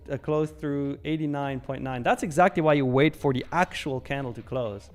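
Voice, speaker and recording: A man's voice: medium pitch, a little fast, few pauses, darkish tone, soft background music. Chatty man hosting a live trading stream. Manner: chatty, reads viewer questions aloud and answers. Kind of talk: casual live market commentary.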